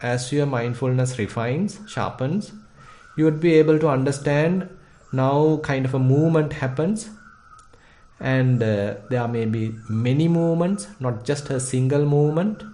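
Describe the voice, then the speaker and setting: With a mellow, medium-pitched male voice, this Buddhist monk from Sri Lanka teaches meditation. Sinhala is his first language and his accent is Sri Lankan; he talks thoughtfully and deliberately, pausing often and using fillers.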